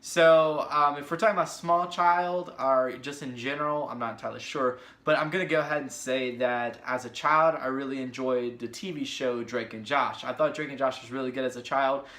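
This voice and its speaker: A man's voice: medium pitch, steady tone, normal speed, hardly any pauses, a bit bright. A young man in his twenties chatting casually through viewer questions in a rambling way with many fillers. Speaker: vlogger. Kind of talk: casual question-and-answer chat. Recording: echoey room.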